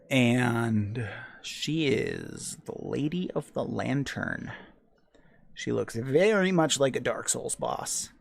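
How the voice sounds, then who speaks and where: A man with a creaky, fry-edged voice chats loosely while working at a hobby bench at home. He rambles in a laid-back way and drops the odd curse. His pitch sits in a middling range. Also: dry recording. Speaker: hobby painter, channel host. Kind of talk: casual chat while painting miniatures.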